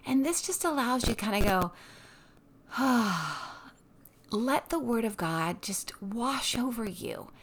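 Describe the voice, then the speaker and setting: A woman talking casually about her family's morning devotional routine in a bright, expressive way, laughing now and then. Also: a little high, moderate pace, few pauses. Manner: upbeat and expressive, laughs often. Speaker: mom sharing a devotional routine. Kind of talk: casual tips talk.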